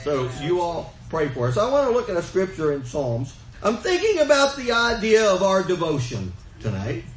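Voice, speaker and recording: Man, older, preacher, folksy and fervent, lively high voice, echoey church room. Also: normal speed. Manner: folksy storytelling, rising to fervent emphasis. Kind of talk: sermon.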